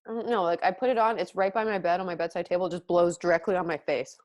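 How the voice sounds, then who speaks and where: In a casual chat over food, a young woman in her twenties co-hosts, chewing as she talks and leaning heavily on "like." Her voice is on the low side, steady and a little mellow, at a quick pace. The audio sounds dull.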